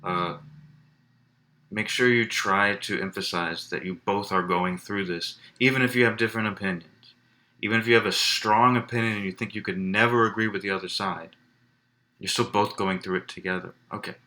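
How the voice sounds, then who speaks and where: A man's voice: lowish voice, steady tone, normal speed, bright, forceful tone, slight background noise. A man teaching a college writing class in a recorded lecture, explaining in a conversational way with fillers and restarts. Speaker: college English instructor.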